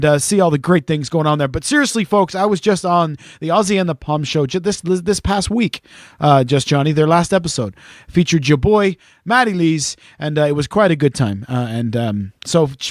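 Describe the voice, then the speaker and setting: High-voiced joking podcast host man. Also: dry recording, clean studio sound. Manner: rambling, joking and profane. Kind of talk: casual podcast chat.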